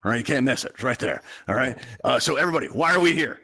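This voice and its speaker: A man hosting a live game show at a rapid clip, talking straight to the crowd. He rambles, piles up asides and keeps up a showman's patter. His voice sits in a middling register and comes through a headset microphone. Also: medium pitch, lively intonation, gravelly, bright, forceful tone. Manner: chatty, rambling showman addressing the audience. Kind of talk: live virtual event hosting.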